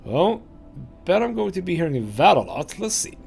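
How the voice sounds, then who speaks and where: A man's voice: sits high, very animated, moderate pace, vocal fry, darkish tone, soft background music. A man hosting a let's play, chatting casually and reading game text aloud into a desk microphone.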